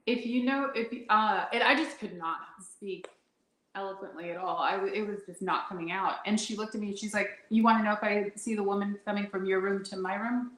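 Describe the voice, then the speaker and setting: Woman guest, mid-range voice, lively storyteller who laughs and acts out the dialogue, recorded with a roomy echo. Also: mid-range voice. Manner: laughs often while talking, acts out her own and others' quoted lines. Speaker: guest sharing a paranormal experience. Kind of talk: animated personal storytelling.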